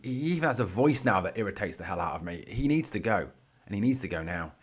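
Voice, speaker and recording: A man's voice: on the low side, lively intonation, fast talker, slightly rough. A man hosting his own football fan channel, giving heated, blunt solo commentary scattered with "you know".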